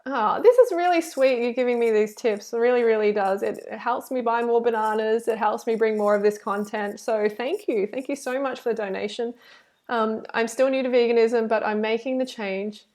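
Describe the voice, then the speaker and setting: A woman reacting to a video and reading her live chat, animated and preachy, full of "like" and "you know". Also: a little high, moderate pace. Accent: Australian. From Australia.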